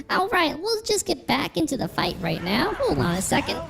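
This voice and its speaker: A man putting on a silly high voice while streaming a game, pretending it is his normal voice. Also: huge pitch swings, normal speed, creaky, full character voice. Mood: mock-innocent. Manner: silly, singsong, mock-innocent. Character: goofy high-pitched put-on voice, insisting it is normal.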